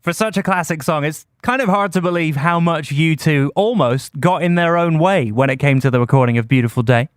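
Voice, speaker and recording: Brief male host narrating a music documentary podcast, somewhat high, smooth and dry, measured delivery. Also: no room sound. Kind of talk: scripted narration.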